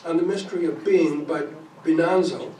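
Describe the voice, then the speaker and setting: A man presenting to a support group, his fairly high voice carrying from a distance across an echoey meeting room. He reads passages aloud and catches his own small slips. A faint hiss of noise sits under the recording. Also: steady tone, moderate pace, warm tone. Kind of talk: talk reading quotes to a group.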